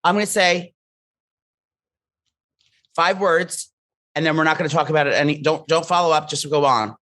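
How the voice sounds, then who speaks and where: A man's voice: a little high, normal speed, bright, forceful tone. A man co-hosting a podcast, telling campy, gossipy stories in a teasing, joking way. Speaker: podcast co-host. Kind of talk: casual comedic chat.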